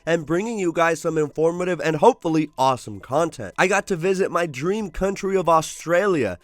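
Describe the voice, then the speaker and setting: A man's voice: on the high side, animated, brisk, dry recording. A man with a sore throat gives an upbeat, wry tech review voice-over.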